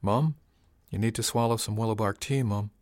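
A worried grown daughter coaxes her sick mother in a soft, slightly raised voice in an audiobook, with a man putting her on. The recording is close and dry, with no room echo. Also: on the low side, fairly even intonation, normal speed, natural voice. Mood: worried, caring. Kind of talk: audiobook character reading.

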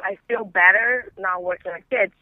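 A man's voice: sits high, moderate pace, dry recording. A man calling in to tell a long personal story in a casual, rambling way, with "like" in nearly every phrase. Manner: rambling, heavy use of "like". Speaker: caller. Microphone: telephone. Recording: tinny phone line.

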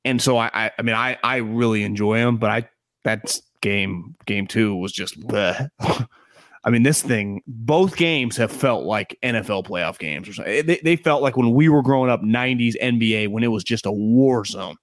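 A male co-host on a sports talk show, his voice sitting a little low. He talks in a casual, enthusiastic way. The recording is dry and close-miked. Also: normal speed, no echo. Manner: conversational, enthusiastic, laughs easily.

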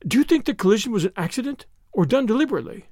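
A man voicing a frightened young woman who speaks quietly and anxiously in an audiobook reading. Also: extremely high pitch, big pitch swings, very fast, dry recording, clean studio sound, pitched above the performer's own voice, full character voice.

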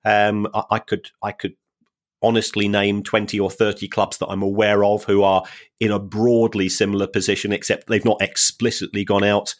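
A man co-hosts a football finance podcast, chatting casually and drily with lots of hesitations and repeated words. His voice is lowish and level, at a normal pace.

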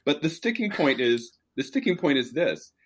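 A man discussing politics in a casual conversation, measured and explanatory. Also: a little high, big pitch swings, breathy edge.

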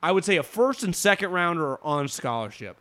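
A man co-hosting a casual sports talk show, talking fast and emphatically, restarting often and swearing. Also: high-pitched, very animated, bright, forceful tone.

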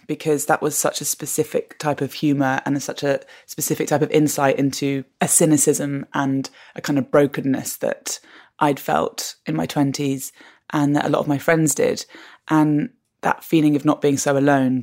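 A woman guest on a podcast interview, telling stories in an animated, expressive way and laughing often. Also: low voice. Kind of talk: conversational interview.

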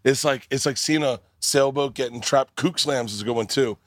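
A man hosting a casual comedy podcast recorded live at a festival, telling animated stories and swearing freely. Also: medium pitch, moderate pace, dry recording, clean studio sound. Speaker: podcast host.

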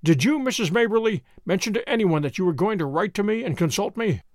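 A man plays a sharp detective with a dry wit, putting questions crisply and with a teasing edge. His voice is high and lively, and he talks fast. The recording is close and dry, with no echo.

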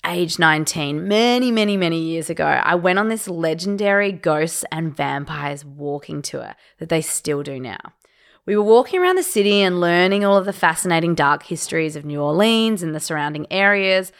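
Chatty woman, low voice. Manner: chatty, animated storytelling with laughs. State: slightly hungover. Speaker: podcast co-host. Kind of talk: casual chat and reading listener stories.

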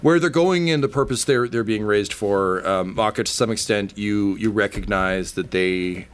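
A man narrating as game master of a tabletop game, halting with many fillers and casual swearing. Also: lowish voice, smooth.

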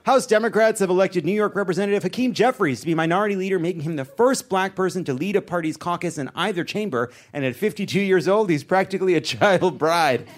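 A man anchoring a satirical comedy news segment, delivering jokes deadpan and breaking into asides. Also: high voice, fast talker, few pauses.

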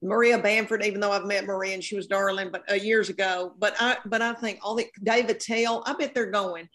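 A woman's voice: mid-range voice, a little fast, few pauses, fairly bright tone. A woman, a comedian guest chatting on a podcast in a folksy, self-deprecating way. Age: 50s. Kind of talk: casual podcast chat.

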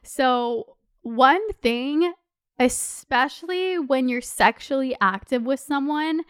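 A woman's voice: high voice, slow, fairly bright tone, clean tone, dry recording, studio quality. A young woman in her twenties hosting a solo podcast, talking casually and passionately, with lots of "like" and casual swearing. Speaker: podcast host.

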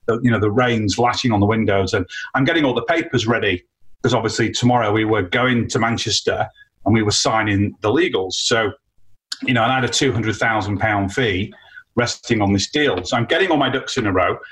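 A man, an entrepreneur guest, telling an animated story about his career in a casual, chatty way with frequent fillers. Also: lowish voice, brisk, poor audio. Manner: animated anecdote with many fillers.

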